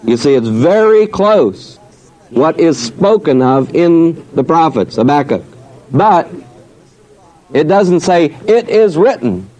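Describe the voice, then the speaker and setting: Slow-talking guy teaching bible verses, mellow low-key voice, asks and answers himself. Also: big pitch swings, rough recording. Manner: reads scripture aloud in drawn-out cadence. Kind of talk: Bible study lecture.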